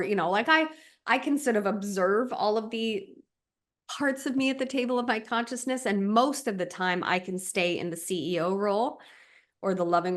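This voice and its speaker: Brief: female relationship coach, podcast talk, reflective, medium pitch, lays things out step by step. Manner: reflective, explains with examples and checklists.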